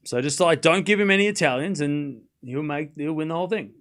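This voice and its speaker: A man's voice: on the high side, brisk, fairly bright tone. A man hosting a live stream, chatting casually, often laughing and joking sarcastically as he reads and answers his chat.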